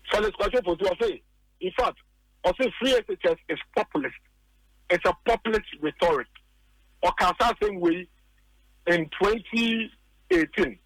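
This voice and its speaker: A high-pitched Ghanaian man talking politics on a radio show, argumentative and insistent, circling back to repeat his points. The sound is dry and close, with no room around it. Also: fairly bright tone, no echo, rough recording. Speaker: political commentator.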